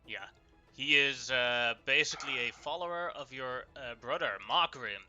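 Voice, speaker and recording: A man's voice: medium pitch, moderate pace, pushed and bright, muffled recording, faint music behind. A man game master narrating a live tabletop game in a loose, filler-heavy way.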